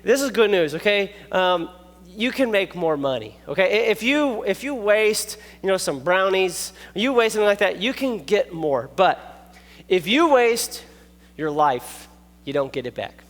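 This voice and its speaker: A man preaching a youth sermon, animated and jokey, telling stories and checking in with the listeners. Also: high-pitched, a little slow. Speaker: youth pastor. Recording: long echoey hall reverb.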